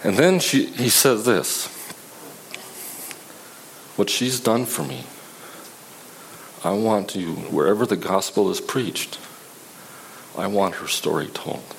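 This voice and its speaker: Guy preaching a sermon, kinda low voice, chatty and stop-start, faint hiss behind. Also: vocal fry, rough recording. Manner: conversational, halting with restarts.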